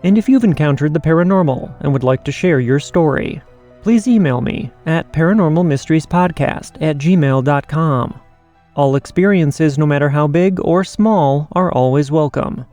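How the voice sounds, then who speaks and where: Mellow-voiced male podcast host. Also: fairly high pitch, no echo. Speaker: podcast host reading listener stories. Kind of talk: scripted podcast narration.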